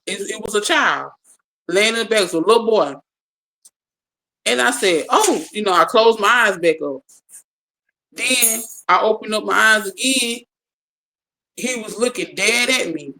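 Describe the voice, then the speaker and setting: A speaker telling a personal story to a small group in casual talk, animated, repeating and restarting words and acting out the dialogue. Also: mid-range voice, measured pace, gravelly, long pauses, rough recording.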